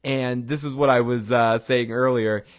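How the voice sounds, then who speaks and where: A man in a middle-pitched voice hosts a casual recap show. He rambles through the story with restarts, light chuckles and sudden bursts when he acts out a line. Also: steady tone, a little slow. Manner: acts out quoted lines in bursts of raised voice. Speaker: show host recapping a TV episode. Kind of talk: casual chat.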